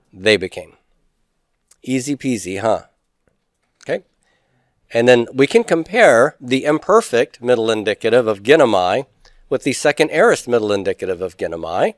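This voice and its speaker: A man's voice: mid-range voice, no room sound. Joking man teaching Greek, dry sound. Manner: chatty, teasing, drills forms aloud. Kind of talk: recorded classroom lecture.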